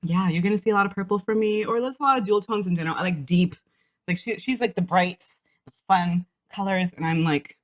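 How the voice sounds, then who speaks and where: A woman co-hosting a craft podcast, telling a story in a chatty way with quick asides and frequent laughter. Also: mid-range voice. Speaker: podcast co-host. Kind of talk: casual chat.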